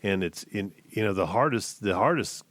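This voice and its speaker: A man, a pain medicine doctor co-hosting a radio show, explaining in a halting way with many restarts. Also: on the low side, animated, fairly bright tone, dry recording. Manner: halting, repeats words. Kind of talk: casual radio discussion.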